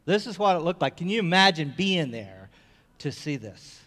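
A man with a fairly high voice preaches a sermon from the pulpit of a church. He tells a story at an easy pace, then builds to fervent, repeated cries. His voice rings with the long reverb of a large church hall. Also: sing-song, normal speed, bright, forceful tone. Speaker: pastor.

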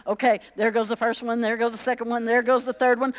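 A woman preaching a lively, conversational sermon, chatty and joking with the congregation as she acts out little quotes. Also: a little high, fast, hardly any pauses, long reverb tail.

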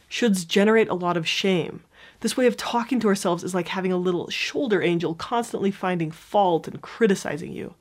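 A woman with a calm, clear voice walks through a self-help lesson. She sounds gently encouraging and keeps an even, explanatory delivery, like a prepared educational video. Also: medium pitch.

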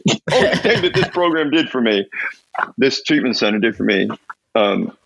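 A man's voice: medium pitch, very animated, normal speed, vocal fry, a bit bright, poor audio. A middle-aged man telling his recovery story as a podcast guest, blunt and profane, acting out the voices of people in his story. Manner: blunt, profane, laughs often.

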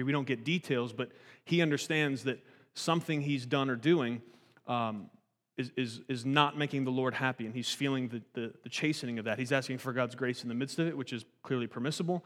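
A man in his thirties preaching a sermon in a conversational, animated way, often restarting his sentences. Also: mid-range voice, big-room sound. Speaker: pastor.

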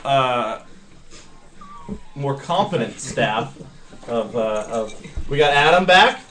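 A man's voice: mid-range voice, animated, slow pace, pushed and bright. A man hosting a podcast in casual chat, teasing his guests and rambling with lots of fillers. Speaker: podcast host.

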